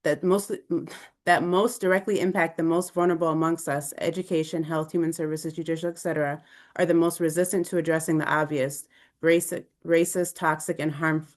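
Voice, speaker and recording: A woman co-presenting an online session over a video call, talking in an animated, conversational way and reacting openly. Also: low voice, moderate pace. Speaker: webinar co-presenter. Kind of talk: live online presentation discussion.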